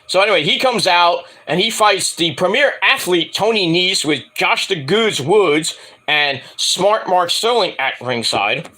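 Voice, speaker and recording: A man giving a casual, profane recap of a wrestling show, rambling, excitable and mocking. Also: high-pitched, measured pace. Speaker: wrestling reviewer.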